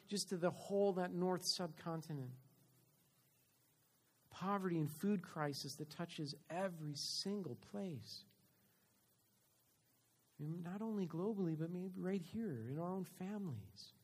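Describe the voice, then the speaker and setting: A man's voice: high-pitched, measured pace. Man preaching a story-driven sermon. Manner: storytelling, swings between loud and quiet. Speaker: pastor.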